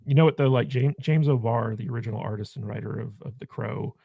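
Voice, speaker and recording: A man's voice: mid-range voice, fast, vocal fry, slightly rough, no room sound, narrow, tinny audio. A man talking casually as a guest on a podcast panel, hesitant and often restarting.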